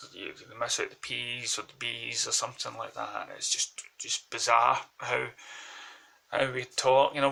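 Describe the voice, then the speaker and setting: A man's voice: mid-range voice, gravelly, pushed and bright, low-quality recording. A man with a Glaswegian accent, vlogging in a rambling, hesitant monologue into a phone held close.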